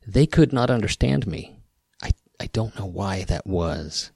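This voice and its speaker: Man, rural Western Midwest accent, podcast host, rambling, wry, very low, dry close sound. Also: expressive, unhurried, creaky, darkish tone, breathy edge, no room sound. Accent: rural Western Midwest American. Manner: rambling, self-interrupting, wry. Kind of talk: casual podcast talk.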